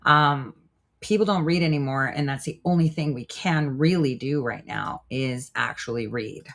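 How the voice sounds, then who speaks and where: A woman's voice: rumbling low, normal speed, creaky. A woman hosting a livestream show in a casual, chatty way, often trailing off while she works her screen. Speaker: show host.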